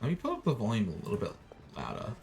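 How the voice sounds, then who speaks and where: An Australian man chatting casually while streaming a game, joking with viewers and breaking into sudden excited yelps. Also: lowish voice, fast.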